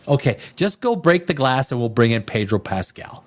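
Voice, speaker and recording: A man hosting a live stream, ranting casually with profanity, jumping between loud outbursts and low mutters. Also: big pitch swings, normal speed. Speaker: live show host.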